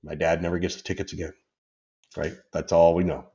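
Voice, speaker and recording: A man's voice: sits low, level tone, a little fast, mellow, highs cut off. A man in his fifties, a podcast guest, telling personal stories in a rambling, candid way and laughing through them. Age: 50s. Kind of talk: casual interview storytelling.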